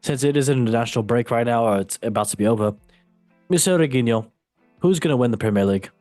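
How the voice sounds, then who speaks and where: A man's voice: medium pitch, fast talker, a little mellow, no echo, soft background music. A man hosting a casual football podcast, playful and goofy, joking at his own expense. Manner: goofy, playful, self-mocking. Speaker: host.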